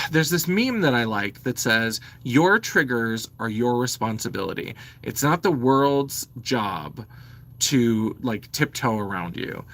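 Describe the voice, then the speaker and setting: A man's voice: mid-range voice, animated, slow pace, fairly bright tone. A man in his forties ranting to camera at home, blunt and exasperated, swearing freely. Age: 40s. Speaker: vlogger.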